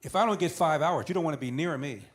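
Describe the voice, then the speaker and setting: A man's voice: on the high side, quick pace. Older man telling a family story. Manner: animated storyteller who acts out dialogue and repeats for emphasis. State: tearing up. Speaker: guest. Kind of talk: storytelling in an interview.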